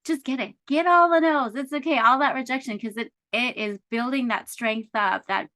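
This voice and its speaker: Bright, higher-pitched woman in a dry sound. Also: normal speed, no room sound. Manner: encouraging, reflective, filler-heavy. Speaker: podcast co-host. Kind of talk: casual podcast chat.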